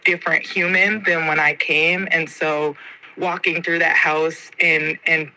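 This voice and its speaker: A young adult woman from the United States, a podcast guest telling a personal story in an expressive, slangy, heartfelt way. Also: sits low, a little slow, low-quality recording. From United States (Georgia).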